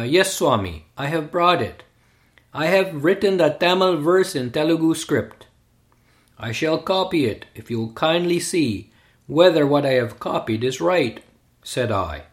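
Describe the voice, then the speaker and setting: Male narrator for a memoir reading; unhurried, deliberate delivery, slightly raised pitch. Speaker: reader.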